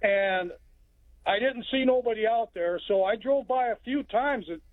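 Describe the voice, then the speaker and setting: A man from Texas calling in to a radio talk show, telling a story in a plainspoken, rambling way with halting restarts. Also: very high voice, no room sound. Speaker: caller. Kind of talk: phone-in storytelling. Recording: phone line.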